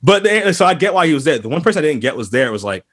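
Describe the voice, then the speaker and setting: A man's voice: on the high side, racing, husky. A man from the area hosting a podcast, ranting in casual chat with lots of restarts and swearing. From Boston area. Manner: animated, heated, many restarts and profanity. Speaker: podcast host.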